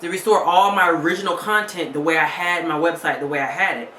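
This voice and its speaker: A woman's voice: lowish voice, fast talker, pushed and bright, roomy sound, slight background noise. A woman vlogger telling a story casually, angry and fed up, retelling a phone call with lots of quoted back-and-forth.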